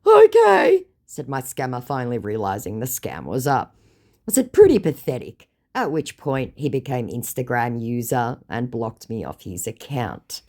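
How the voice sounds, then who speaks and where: A woman's voice: rumbling low, lively intonation, moderate pace, a little mellow. A young woman, narrating her scam-baiting chats in a dry, mocking, exasperated way. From New Zealand. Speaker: scam-baiting video creator. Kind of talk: sarcastic storytelling narration.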